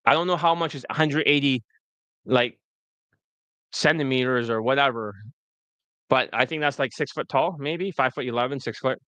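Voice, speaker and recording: A man's voice: medium pitch, normal speed, pauses often, fairly bright tone, no echo. A man working as a dating coach, talking loosely and profanely through a screen recording, full of fillers. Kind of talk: casual commentary over a screen recording.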